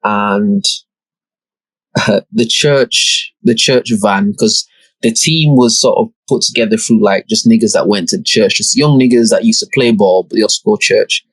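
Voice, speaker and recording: A man's voice: on the low side, normal speed, breathy edge, no room sound, rough recording. A young man, hosting a podcast and telling a story in a laid-back, slangy way with plenty of swearing. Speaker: podcast host. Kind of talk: casual storytelling.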